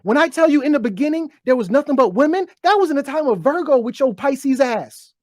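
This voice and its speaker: An online show host rants at viewers in a sermonizing, foul-mouthed monologue, stumbling over words, a little fast, with a high voice and lively intonation. The desk mic is bumped mid-talk, and the studio sound is clean without echo.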